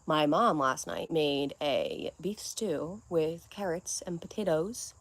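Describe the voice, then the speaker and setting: A woman's voice: deep voice, animated, slow pace, gravelly, husky, dry recording. A young adult woman hosting a casual livestream at home, rambling from one topic to the next in a scattered way. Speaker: livestream host.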